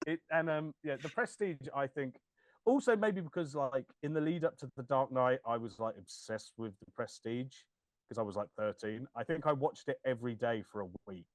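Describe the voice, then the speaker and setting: A man's voice: mid-range voice, moderate pace, dry recording. A man, chatting casually as a podcast co-host, laughing and acting out quoted lines. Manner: animated, laughing, swears, acts out quoted lines. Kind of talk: casual chat.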